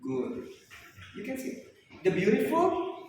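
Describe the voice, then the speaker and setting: A man's voice: very high voice, sing-song, takes it slowly, darkish tone. Male teacher, strict classroom driller, captured far off in a very echoey room with faint background noise. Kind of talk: classroom grammar lesson. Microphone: camera at a distance.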